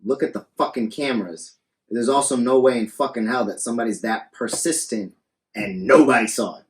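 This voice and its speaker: A man's voice: mid-range voice, brisk. Male podcast co-host, mid-range voice, casual and foul-mouthed, talks close to a studio mic. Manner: blunt and profane, acts out hypothetical arguments.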